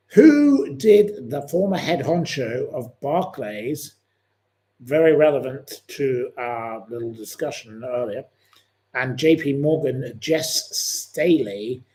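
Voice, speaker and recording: A man's voice: medium pitch, a little mellow. A man hosting a live-stream quiz, chatting in a rambling, opinionated way between questions. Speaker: livestream host.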